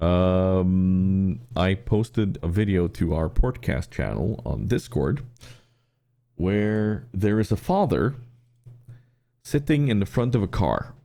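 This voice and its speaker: Deep, gravelly, animated male storyteller. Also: slow pace. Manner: animated storyteller, restarts often. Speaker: podcast co-host. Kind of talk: casual podcast storytelling.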